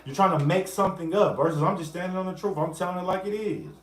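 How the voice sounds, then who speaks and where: A man's voice: high-pitched, fast talker. Man livestreaming in an echoey room. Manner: animated, greets viewers by name mid-sentence. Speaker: livestream host. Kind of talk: casual livestream talk.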